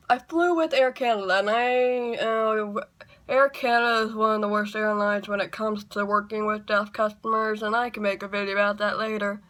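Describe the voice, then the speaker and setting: A woman talks straight into her camera in a loose, casual vlog, her voice sitting a little on the high side. She is chatty and wry and keeps drifting into side remarks before finding her way back. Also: fairly bright tone. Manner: chatty and wry, rambling with asides. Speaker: YouTuber.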